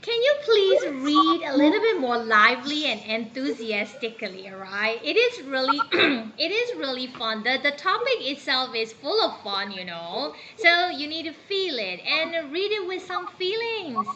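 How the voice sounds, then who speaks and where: Burmese-accented woman teacher, high animated voice, muffled call audio with background noise, coaxing tone. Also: moderate pace, hardly any pauses. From Myanmar. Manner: encouraging, coaxing. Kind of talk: online English class.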